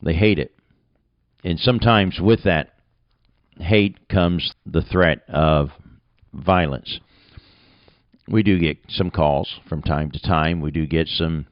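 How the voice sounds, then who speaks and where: Very deep-voiced American radio preacher. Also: male voice, dry recording, lo-fi sound. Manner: earnest, plain-spoken. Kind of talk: conversational radio sermon.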